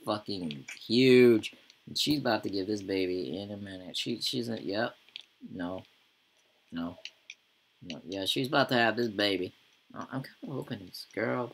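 A man's voice: on the low side, creaky, fairly bright tone, breathy edge, poor audio. A man giving casual gameplay commentary as a YouTuber, rambling and full of profane slang. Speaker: gaming YouTuber.

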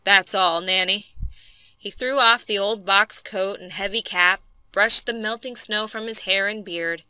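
A woman narrating an audiobook story for English learners in a clear, measured way on a close mic. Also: mid-range voice, sharp tone, no echo.

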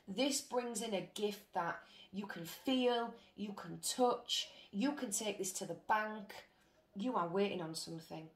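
A British woman doing a casual tarot reading, blunt, chatty and full of swearing. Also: medium pitch. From Britain. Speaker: tarot reader. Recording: roomy with faint noise.

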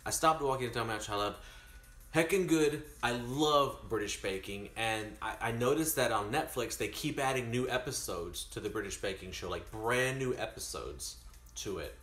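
A man chatting casually to his stream while baking, rambling and animated. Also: medium pitch, moderate pace, reverberant.

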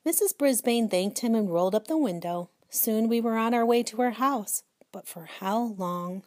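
A woman's voice: on the high side, animated, normal speed, a little mellow, no echo, clean studio sound. Woman reading a storybook aloud. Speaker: audiobook reader. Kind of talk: storybook narration.

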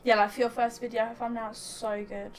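A woman's voice: on the high side, little pitch movement, fairly quick, faint music behind. A woman chatting casually on a game live stream, bubbly and giggly, talking into a headset at home. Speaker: streamer host. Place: home setup, headset mic.

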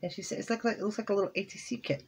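At home, a woman vlogs casually while opening holiday cards and crafting mail, chatting and exclaiming over each piece. Her mid-range voice races along with a breathy edge.

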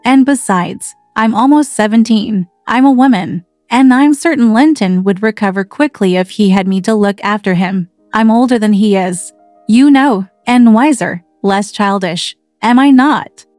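A woman's voice: medium pitch, a little slow, a little mellow, no echo, soft background music, close to an everyday voice. A woman reading the part of an eager, coaxing girl of almost seventeen in a storybook reading. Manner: pleading and coaxing.

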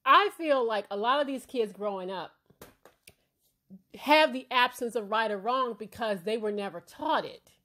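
Blunt, high-voiced woman commentator. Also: moderate pace, pushed and bright. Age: adult parent. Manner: blunt and emphatic, checks in with "all right?". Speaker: commentary channel host. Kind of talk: casual opinion commentary.

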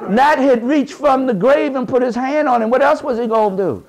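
High-voiced man lecturing like a preacher. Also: expressive, fairly quick, hardly any pauses. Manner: preacherly, rising to shouted emphasis; folksy, colloquial, with double negatives. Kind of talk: impassioned lecture to a live audience.

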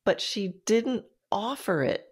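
A woman's voice: medium pitch, expressive, takes it slowly, a little mellow, husky. A woman hosting a podcast interview, talking in an enthusiastic, casual way with many fillers and restarts. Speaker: podcast host.

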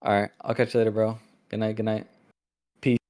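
A tired man on voice chat with a streamer, joking around in a relaxed way after a long session. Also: on the low side, a little fast. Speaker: friend on voice chat. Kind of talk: casual gaming chat.

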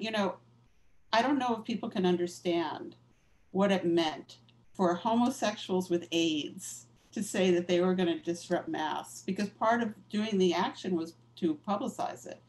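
A woman's voice: fairly low pitch, normal speed, a little mellow, low-quality recording. Candid woman author recalling activism. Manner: candid, reflective storytelling with casual fillers. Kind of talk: conversational interview.

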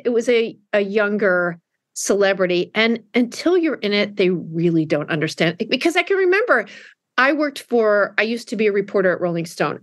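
A middle-aged woman author being interviewed, telling candid stories in a lively way with frequent restarts. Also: medium pitch, no echo, clean studio sound. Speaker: author guest. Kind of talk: conversational interview.

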